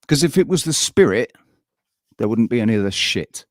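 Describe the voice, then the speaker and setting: A man hosting a live stream, ranting in a heated, halting way and swearing often. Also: mid-range voice, lively intonation, no echo, studio quality. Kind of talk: casual live-stream chat.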